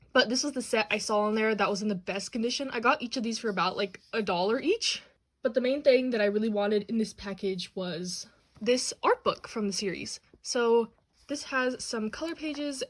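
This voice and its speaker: A young woman with a slightly high voice hosts a casual unboxing vlog. She talks chattily and bubbles over with excitement, gushing about her favorite items. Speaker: channel host. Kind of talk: manga haul and unboxing vlog.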